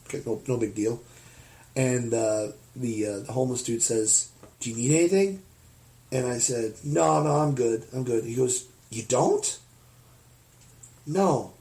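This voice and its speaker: An American man telling a rambling, animated anecdote in a casual podcast chat. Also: mid-range voice, normal speed. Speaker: podcast host.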